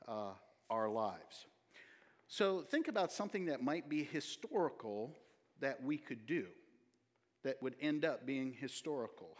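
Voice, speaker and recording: A man serving as pastor, giving a chatty, folksy sermon with announcements and lots of fillers. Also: medium pitch. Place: church sanctuary. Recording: long church hall reverb.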